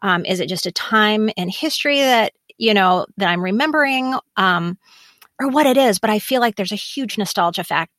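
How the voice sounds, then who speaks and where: A middle-aged woman co-hosting a casual podcast chat, talking in quick, chatty bursts with lots of interjections. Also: mid-range voice, animated, a bit bright, no room sound. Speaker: podcast co-host.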